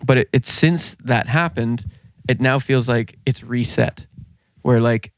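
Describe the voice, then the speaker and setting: A man's voice: mid-range voice, measured pace, no room sound. A man co-hosting a podcast, casual chat, rambling and searching for his words. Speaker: podcast co-host.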